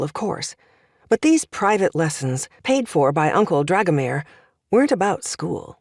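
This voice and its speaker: Her fairly low voice carries a measured yet expressive storytelling quality as she narrates a scripted audiobook. There's no echo, and the sound is studio quality.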